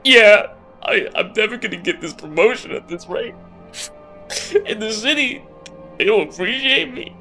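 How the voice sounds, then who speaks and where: A stiff, uptight male guard sergeant who cracks into whiny complaints, as a man voices him at the game table. The voice is bright and forceful, with faint music playing underneath. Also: fairly low pitch, unhurried, long pauses. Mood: flustered. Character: rigid, weepy male city guard sergeant.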